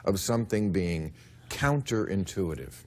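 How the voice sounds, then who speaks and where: A man hosting a talk show, animated and joking with his guest. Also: low-pitched, a little hiss or hum. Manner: animated, joking, quick to laugh.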